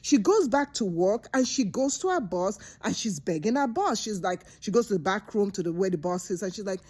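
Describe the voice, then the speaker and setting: Animated woman recapping a movie. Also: fairly quick, husky. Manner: animated, acts out characters in high voices. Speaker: movie reviewer.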